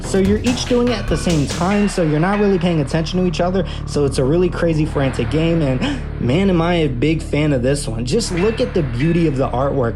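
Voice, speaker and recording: A host casually reviewing a board game in an upbeat way, filling sentences with "kind of" as they explain the rules. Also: medium pitch. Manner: upbeat, many "kind of" fillers. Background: background music.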